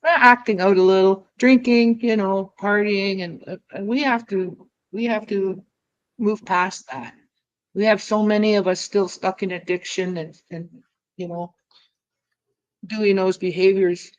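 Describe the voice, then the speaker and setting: A woman speaking earnestly as a guest in a community talk, pausing now and then to find her words. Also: mid-range voice, steady tone, dull audio. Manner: earnest, with some hesitations.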